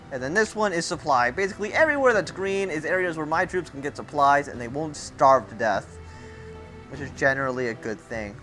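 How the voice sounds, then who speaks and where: A young man talking through a strategy game in a loose, rambling way, full of thinking aloud and joking asides. His voice sits a little high and bright, and his pitch swings widely from line to line. Faint game music plays underneath. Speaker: gameplay commentator. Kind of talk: casual game walkthrough commentary.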